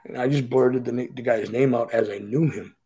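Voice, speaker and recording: A man's voice: medium pitch, fairly even intonation, fairly quick, dark tone, husky, poor audio. A middle-aged man, speaking as a podcast guest and telling his story bluntly and profanely. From Boston. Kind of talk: candid storytelling interview.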